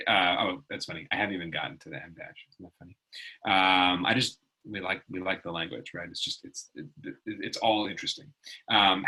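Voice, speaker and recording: A man's voice: low voice, bright, forceful tone, husky, poor audio. A middle-aged man teaching a casual online writing lesson, chatty and rambling, with lots of fillers.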